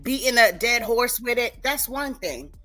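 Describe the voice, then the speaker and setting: A woman's voice: on the high side, lively intonation, unhurried, faint music behind. A woman co-hosting a podcast in casual chat, outspoken and blunt. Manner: outspoken, forceful. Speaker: podcast co-host.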